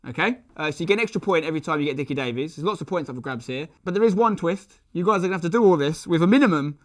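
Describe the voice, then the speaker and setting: Upbeat quiz host, slightly high. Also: male voice, expressive, racing. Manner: upbeat, explains rules clearly and counts down loudly. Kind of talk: hosting a football quiz game.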